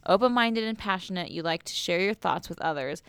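A woman's voice: fairly low pitch, lively intonation, brisk, a bit bright, clear, resonant tone, dry recording. A young woman co-hosting a casual podcast, tipsy and playful, with giggly, profane banter. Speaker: podcast co-host. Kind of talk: casual chat.

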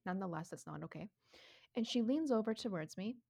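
A woman in her thirties telling a story in casual chat, animated, swearing freely and laughing often. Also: mid-range voice, a little fast, gravelly. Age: 30s.

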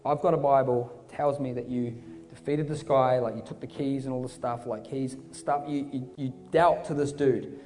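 A preacher acting out a weary, harassed man pleading his case, in a reverberant hall with soft music underneath. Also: mid-range voice, steady tone, moderate pace, close to an everyday voice. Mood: bewildered. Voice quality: pleading, exasperated.

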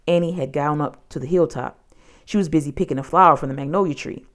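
A woman narrating a children's storybook in an expressive, dramatic way. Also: low-pitched, fast.

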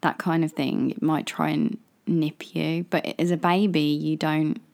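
A woman with a voice on the low side, co-hosting a casual podcast. She is chatty and curious, quick to laugh and full of questions. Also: steady tone, gravelly, darkish tone. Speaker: podcast co-host. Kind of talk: casual chat.

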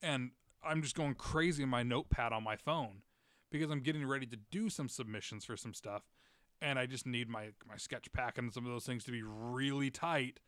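A man hosting a podcast in casual chat, talking fast with frequent stammers and restarts. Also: mid-range voice, a bit bright, no room sound, studio quality. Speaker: podcast host.

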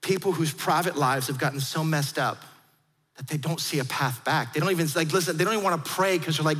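A male pastor delivers an animated sermon in a high voice, carried by the long reverb of a large hall. He slips into voices for the people in his story as he preaches. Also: brisk. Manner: animated, acts out quoted voices.

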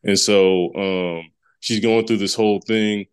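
A man's voice: lowish voice, fairly even intonation, slow, smooth, no echo. A man co-hosting a podcast, casually recapping a comic book story in a rambling way with many fillers and restarts. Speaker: podcast co-host.

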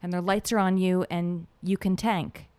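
A woman's voice: lowish voice, steady tone, normal speed, a little mellow, clean tone. A woman co-hosting a podcast in casual chat, giving thoughtful, analytical commentary. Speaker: podcast co-host.

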